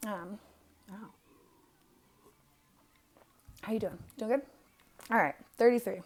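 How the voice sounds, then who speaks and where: A woman's voice: medium pitch, moderate pace, noisy background. A young woman giving a casual birth chart reading, blunt and profane, with lots of fillers. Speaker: astrologer.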